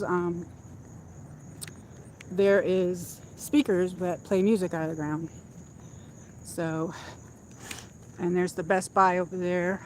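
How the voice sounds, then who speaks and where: A woman's voice: medium pitch, a bit bright. Chatty woman rambling on a walk. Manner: rambling, chatty, trailing off with fillers. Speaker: livestream host. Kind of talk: casual walk-and-talk chat. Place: outdoors in a shopping area at dusk.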